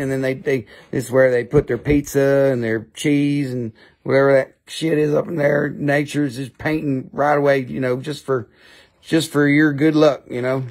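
A man with an Appalachian accent selling rocks on a live stream, rambling and joking in a casual chat. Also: on the high side. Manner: joking, rambling, playful funny voices. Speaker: live-stream rock seller.

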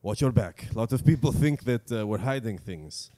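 A young man co-hosting a comedy podcast in a relaxed, joking chat. His pitch sits in an ordinary middle range, and he riffs loosely, breaking into laughter partway through his sentences. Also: moderate pace. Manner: riffing, laughs often mid-sentence. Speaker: podcast co-host.

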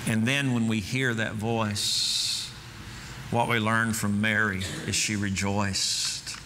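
A man's voice: lowish voice, flat delivery, takes it slowly, noisy background. A man preaching a sermon as pastor, earnest, repeating phrases as he builds to fervent emphasis. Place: church sanctuary. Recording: reverberant church hall, faint ambience.

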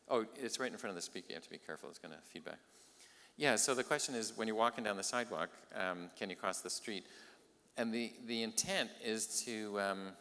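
A man's voice: on the low side, bright, forceful tone. A man presenting a town plan at a public meeting, explaining patiently with fillers and restarts. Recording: long reverb of a public hall.

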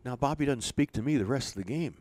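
An older man, a retired pitching coach, telling rambling, chuckling anecdotes in a casual interview. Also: quick pace, darkish tone, dry recording. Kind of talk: casual storytelling.

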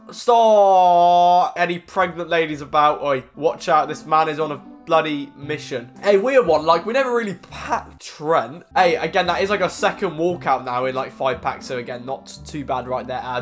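A British man who has a heavy cold, hosting a casual gaming video. He chats to viewers as lads and boys, bursts into loud shouts at big pulls, then drops to a low mutter. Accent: British English. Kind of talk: pack-opening game commentary.

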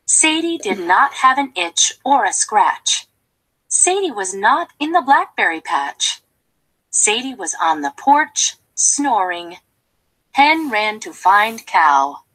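A woman reading a children's storybook aloud, slowly and expressively. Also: medium pitch, big pitch swings, a bit bright, low-quality recording.

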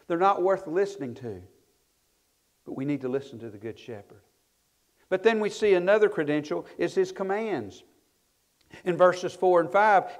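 Man, pastor, emphatic sermon delivery, fairly high voice, swells then trails off. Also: darkish tone. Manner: emphatic preaching, voice swelling then falling off at phrase ends; reads scripture in old-style wording.

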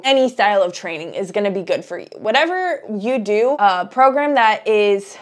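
A young woman with a Southern US accent, vlogging about fitness in a blunt, chatty way and swearing freely. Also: medium pitch. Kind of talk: casual talk to camera.

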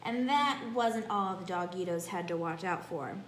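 A woman teacher reading a children's picture book aloud with animated, expressive storytelling. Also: lowish voice, normal speed. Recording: echoey room, faint background hum.

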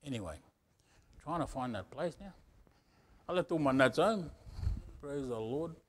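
A man's voice: on the high side, lively intonation, unhurried. A middle-aged male pastor preaching a sermon in a conversational way, often asking the congregation "Amen?".

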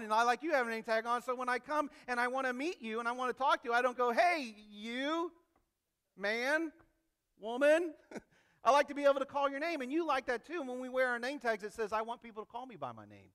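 Bright, high-voiced male preacher. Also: moderate pace, clean tone. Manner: animated, acts out quoted voices. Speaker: pastor. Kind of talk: sermon.

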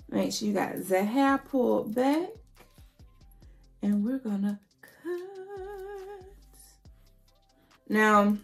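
Woman beauty vlogger, unhurried delivery, chatty and playful, faint music under her. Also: medium pitch, vocal fry. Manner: chatty, playful, talks straight to viewers. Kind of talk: casual wig review vlog.

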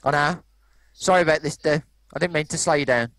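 A man chatting casually while playing a game, relaxed and quick to laugh. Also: a little high, no echo. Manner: relaxed, laughs easily, calls friend dude. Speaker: gamer co-host. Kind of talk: casual gameplay chat.

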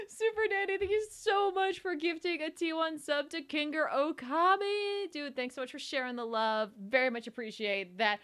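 A woman's voice: sits high, normal speed, hardly any pauses, fairly bright tone. A young woman from New Jersey streaming a cooking game, giggly and chatty, thanking viewers and reading tutorial text aloud. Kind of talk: casual live-stream gaming chat.

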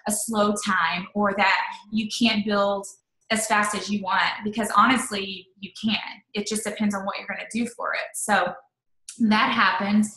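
A woman in her thirties, an interview guest telling a personal story in a chatty, animated way. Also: mid-range voice. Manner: chatty, animated, full of "like" and quoted asides. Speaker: network marketing leader, interview guest. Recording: echoey room.

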